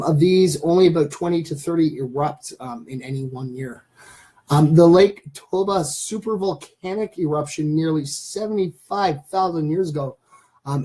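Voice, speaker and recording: A man's voice: fairly high pitch, mellow. A man in his thirties hosting a casual live stream, rambling and talking straight to his viewers. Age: 30s.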